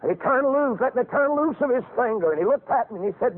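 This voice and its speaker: An older preacher with a strikingly high, husky voice, spinning homespun stories and then shouting his point home. The sound is thin and tinny, like it came over a phone line. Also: animated, quick pace, hardly any pauses. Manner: folksy storytelling that rises into shouted exhortation. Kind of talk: fiery revival sermon.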